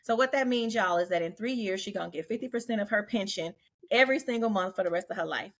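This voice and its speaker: A woman's voice: medium pitch, fast talker. Earnest talkative woman hosting a chat. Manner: earnest, preachy, laughs often. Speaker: podcast host. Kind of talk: casual group chat.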